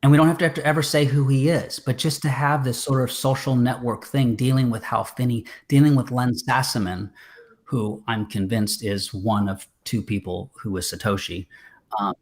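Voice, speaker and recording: A man's voice: medium pitch, steady tone, moderate pace. A man, a filmmaker guest, chatting casually on a video call, rambling with many fillers and restarts. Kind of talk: casual interview chat.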